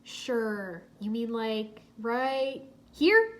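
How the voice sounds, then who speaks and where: A woman's voice: on the high side, animated, very slow, a little hiss or hum. A woman reading as Kai, a cocky young ninja. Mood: teasing. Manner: teasing and boastful.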